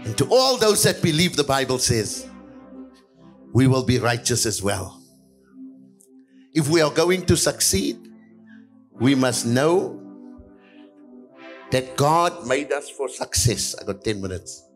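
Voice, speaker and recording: A male pastor preaching a sermon, moving between quiet passages and louder lines, with repeated hallelujahs. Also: mid-range voice, very animated, takes it slowly, pauses often, soft background music.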